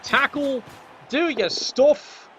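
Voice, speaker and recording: A man's voice: extremely high pitch, drawn-out words, pushed and bright, slight background noise. Cheeky man commentating a game. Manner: cheeky, sardonic banter.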